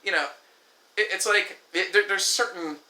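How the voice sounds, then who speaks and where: Male vlogger, fairly high and very bright, swearing and exasperated, in an echoey room. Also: moderate pace. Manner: exasperated, profane, acts out quoted exchanges. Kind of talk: ranting storytelling to camera.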